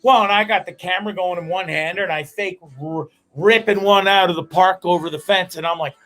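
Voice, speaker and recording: Man, comedy host, high-pitched, rambling, swearing, faint music behind. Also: a little fast. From Canada. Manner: rambling, profane, animated storyteller. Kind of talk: comedic live-show monologue.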